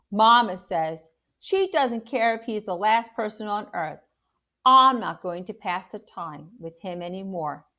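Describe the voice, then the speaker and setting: Lady teacher reading a kids novel out loud, slow and lower voiced, lively storytelling, stops to ask questions. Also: creaky. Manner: animated storytelling, pauses to ask the listener questions. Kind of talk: expressive read-aloud of a children's novel.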